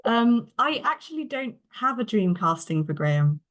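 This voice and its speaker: A woman's voice: a little high, sing-song, moderate pace. Woman author, earnest and chatty, laughs a lot; video call. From Britain. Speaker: author guest. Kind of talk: conversational author interview.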